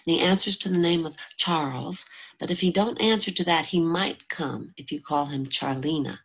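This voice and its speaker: A woman voicing an impulsive twelve-year-old girl from the American South in a storybook reading. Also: husky. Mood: earnest. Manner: eager, impulsive, higher and faster than the narration. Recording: dull lo-fi audiobook recording.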